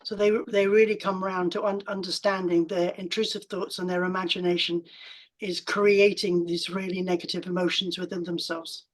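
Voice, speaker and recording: A woman mental health coach explaining her approach in a panel discussion, in a calm, measured way. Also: on the low side, rough recording.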